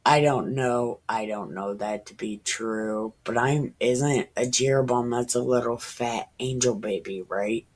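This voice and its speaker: In her thirties, this woman reads the Bible aloud and muses on it in a casual, irreverent way, sometimes dropping into whispers. Her voice rumbles low and is a little mellow, moving at a measured pace with few pauses.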